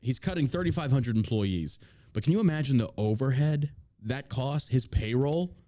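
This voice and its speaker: A man's voice: medium pitch, lively intonation, normal speed, dark tone. A man hosting a crude comedy podcast, swearing often, mocking the news and dropping into silly put-on voices. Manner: profane, mocking, slips into put-on accents for jokes. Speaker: podcast host.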